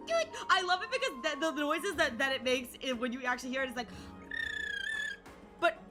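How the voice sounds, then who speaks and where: A young woman streaming a game, reacting in an excitable, playful, giggly way. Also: high voice, fairly quick, over music. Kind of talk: casual game commentary.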